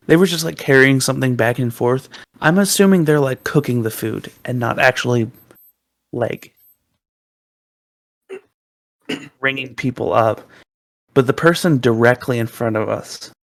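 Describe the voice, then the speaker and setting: A young man on a podcast, telling a rambling story with plenty of fillers and restarts. His voice has a gravelly, creaky texture at a middle pitch. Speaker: podcast co-host. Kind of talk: casual storytelling.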